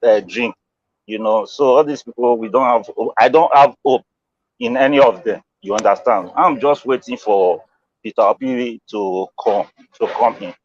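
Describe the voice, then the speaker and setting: A Nigerian man speaks in a relaxed, chatty way, laughing often. His voice sits at a middle pitch, and the recording is dull and lo-fi. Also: normal speed. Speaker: panelist. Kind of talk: casual chat.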